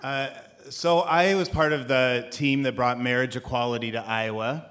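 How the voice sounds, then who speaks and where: A man telling a personal story on a theater stage in a relaxed, conversational way, with some restarts. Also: medium pitch, moderate pace, a faint crowd. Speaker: storyteller, legal activist. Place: theater stage before a live audience. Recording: live theater with audience murmur.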